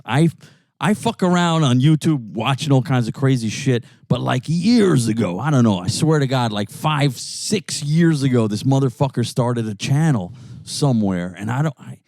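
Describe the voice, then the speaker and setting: A man from New York co-hosting a profane, animated casual chat in a car, often mimicking other people's voices. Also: medium pitch, normal speed, no room sound. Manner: animated, swearing storyteller who mimics voices. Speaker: podcast co-host. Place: inside a jeep.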